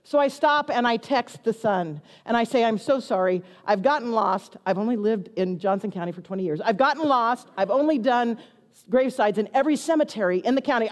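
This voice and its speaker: A middle-aged woman pastor, telling a lively, self-mocking story as part of a sermon. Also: fairly high pitch, a little fast. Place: church sanctuary. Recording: long hall reverb.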